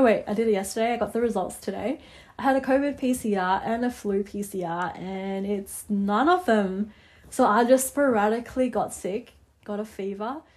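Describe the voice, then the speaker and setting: A young woman hosting a casual podcast, chatty and rambling, her voice hoarse and nasal from a cold. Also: a little high, a little mellow. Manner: chatty, rambling, laughs often. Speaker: podcast host.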